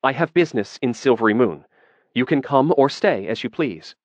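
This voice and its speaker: A man's voice: mid-range voice, expressive, moderate pace, no echo, voice pushed up, close to an everyday voice. A man voicing a persuasive, devious woman merchant with a wry edge. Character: shrewd, devious female merchant, grinning and wry.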